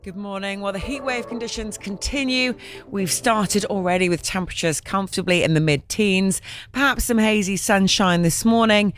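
Smooth-voiced woman giving the weather. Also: medium pitch, normal speed. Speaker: weather presenter. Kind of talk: scripted weather forecast.

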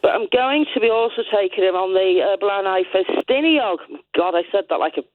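A woman's voice: mid-range voice, fast, background noise. A woman calling in to a radio show, chatty and opinionated, rambling through her views in casual talk. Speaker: radio caller. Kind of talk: casual phone-in chat. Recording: tinny phone line.

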